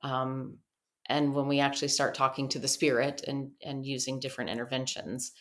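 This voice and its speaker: A woman guest on a podcast, a clinical officer at a treatment center, telling lively stories and acting out quoted dialogue. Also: very deep voice, normal speed. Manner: lively storyteller who acts out quoted dialogue. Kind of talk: podcast conversation, storytelling.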